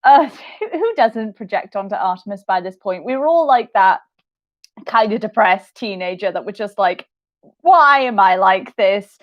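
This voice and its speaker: A woman's voice: medium pitch, expressive, normal speed, lo-fi sound. A young woman writing an audio drama podcast, chatting casually through audience questions on a livestream with a giggly, self-deprecating manner.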